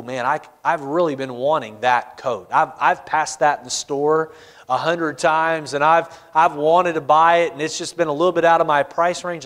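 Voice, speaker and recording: A man voicing a greedy male sorcerer who longs for riches, speaking in a low, hushed mutter. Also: natural voice. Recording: long hall reverb in church.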